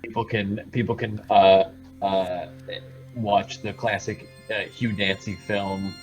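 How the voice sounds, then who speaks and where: A man's voice: fairly low pitch, flat delivery, takes it slowly, music in the background, rough recording. A man co-hosting a talk show, making dry, offhand remarks. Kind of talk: casual chat.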